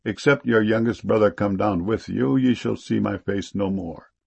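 A man's voice: lowish voice, normal speed, gravelly, a little mellow, husky, full character voice. A man reading the part of an earnest brother pleading for mercy in a solemn scripture reading.

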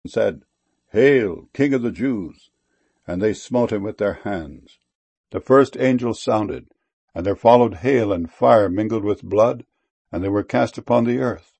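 A man giving a solemn scripture reading, with measured, deliberate phrasing and slow, emphatic stresses. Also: on the low side, vocal fry, a little mellow, slightly rough.

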